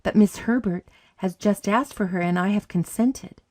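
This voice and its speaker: A woman reads an audiobook, voicing a formal, stern orphanage matron who sounds flustered. Her medium-pitched, darkish voice moves at a moderate pace, set above her own voice but close to how she normally speaks.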